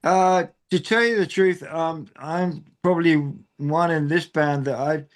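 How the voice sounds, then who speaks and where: A man's voice: a little high, steady tone, measured pace. Drummer guy chatting, lots of ums, jokey. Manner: rambling, joking, many fillers and restarts. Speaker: drummer, band member. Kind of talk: casual interview chat.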